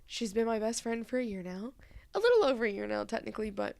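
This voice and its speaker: A woman's voice: on the high side, big pitch swings, fast, creaky, darkish tone. A young woman giving a heartfelt, teary message to her best friend and co-host, laughing and swearing casually. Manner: emotional, laughing through tears, casual swearing.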